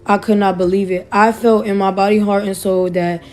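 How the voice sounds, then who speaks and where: Speaking briskly in a mid-range, darkish voice with fairly even intonation, a young adult woman recounts a personal experience. She's emotional and casual, quoting others in conversation as faint music plays behind her.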